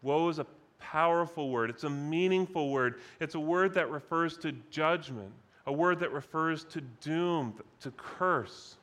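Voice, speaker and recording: A male preacher delivering a sermon in a slow, measured way, leaning on repeated phrases for emphasis. His voice sits a little higher than most men's. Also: a bit bright. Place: conference session.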